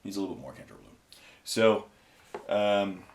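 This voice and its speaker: A man's voice: on the low side, animated, normal speed. A man hosting a hobby painting video, chatting casually and rambling with many fillers while he paints miniatures.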